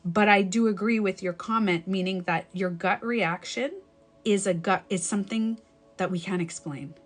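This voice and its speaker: A young adult woman coaching live on a stream, her voice sitting at an ordinary middle pitch. She speaks frankly and with emphasis, dropping casual swear words and restarting sentences as her thoughts run on. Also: normal speed, faint music behind. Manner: rambling with self-corrections. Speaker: life coach. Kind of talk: live-stream advice talk.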